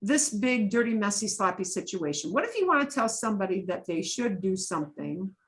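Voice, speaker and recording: A woman's voice: medium pitch, big pitch swings, brisk. A middle-aged woman teaching Spanish, patiently explaining and switching between Spanish and English. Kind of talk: online language lesson.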